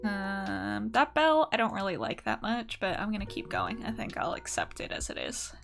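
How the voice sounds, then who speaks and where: A young woman from the United States chats loosely with her viewers during a live art stream, swearing freely. Her voice is bright and forward, and her pitch bounces around a lot as she talks. Soft music plays faintly behind her. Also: wildly swooping pitch, normal speed, creaky. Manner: chatty and profane, answering chat. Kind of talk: casual live-stream chat.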